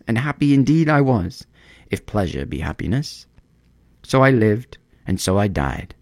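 A man voicing a sorrowful, gentle statue of a prince in a storybook reading. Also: sits low, no echo, clean studio sound. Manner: mournful and solemn.

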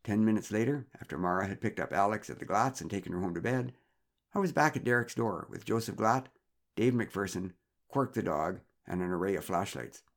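A man calmly narrating a first-person story in a measured, wry way. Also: fairly low pitch, gravelly.

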